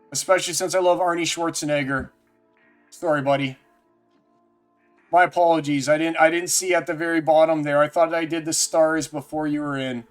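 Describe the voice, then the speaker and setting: A man's voice: on the high side, steady tone, fairly quick. A man streaming live, chatting casually and jokily with viewers by name. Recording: faint music underneath.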